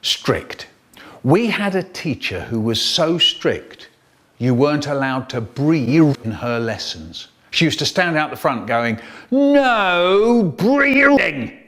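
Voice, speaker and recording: Lively man telling comic stories. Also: mid-range voice, a little slow. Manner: exaggerated, playful, does funny voices. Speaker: storyteller. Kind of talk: animated comic storytelling, remixed clips.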